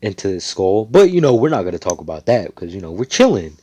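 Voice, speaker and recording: A man's voice: on the low side, very animated, quick pace, noisy background. A man casually retelling an imagined anime storyline, rambling with slang and lots of swearing. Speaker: fan storyteller.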